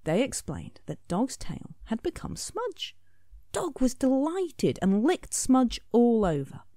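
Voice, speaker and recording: A woman, an author, reading her picture book aloud expressively, often dropping into a soft whisper. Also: fairly high pitch, wildly swooping pitch, slow, dry recording, clean studio sound. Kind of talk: storybook read-aloud.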